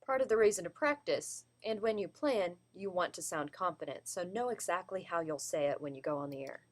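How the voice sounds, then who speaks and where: A woman's voice: lowish voice, expressive, brisk. A woman giving a class presentation on vocal delivery, explaining and demonstrating word emphasis. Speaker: student presenter.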